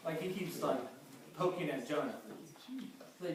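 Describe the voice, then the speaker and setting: Emphatic male pastor, high voice, preaching from afar in a very echoey church hall. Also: moderate pace, long pauses. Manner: emphatic preaching, repeats key phrases. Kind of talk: sermon. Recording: very echoey hall, mic far off.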